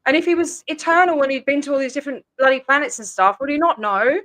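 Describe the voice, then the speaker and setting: A woman hosts a casual livestream chat with a bright, slightly high voice. She talks in an animated, blunt way, swears freely and laughs quickly between points. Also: dry recording. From Australia. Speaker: livestream host.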